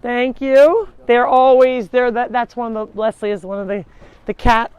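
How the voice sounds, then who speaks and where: A woman's voice: on the high side, steady tone, moderate pace, a little mellow, clear, resonant tone. A woman hosting a casual live tour of an animal sanctuary, chatting and breaking off to call animals over. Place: outdoors at a farm.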